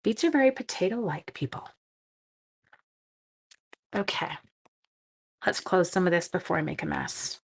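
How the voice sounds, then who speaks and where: A woman's voice: lowish voice, expressive, unhurried, creaky, pauses often, husky. A middle-aged woman from Canada hosting a papercraft live stream, chatting casually and self-deprecatingly with viewers while she works. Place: home craft room.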